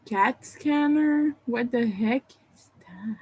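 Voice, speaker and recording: A woman's voice: a little high, very slow, a little mellow, breathy edge, rough recording. A sleepy woman on a casual livestream from home, rambling and apologizing as she thinks aloud. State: sleepy, yawning.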